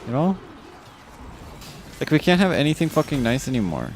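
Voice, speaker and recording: Reading through chat on his live stream, a male streamer rants in a sing-song voice at a moderate pace, swearing a lot as his pitch climbs with exasperation. A slight hiss or hum sits under the audio.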